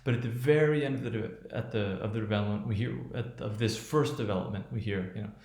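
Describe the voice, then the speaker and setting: A man lecturing on how a speech is built and spoken. He talks haltingly, with many restarts and fillers, and often checks in with "right?". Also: on the low side, a little mellow, roomy sound. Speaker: teacher.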